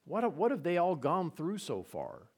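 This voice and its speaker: A man's voice: high-pitched, wildly swooping pitch, a little slow. A man preaching a conversational sermon, retelling scenes with repetition and side remarks. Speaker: pastor.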